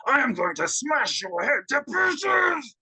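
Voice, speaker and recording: Thor, a booming thunder god as a man acts him out. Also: sing-song, takes it slowly, husky, heavily acted. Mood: threatening. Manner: shouted threat, drawn out.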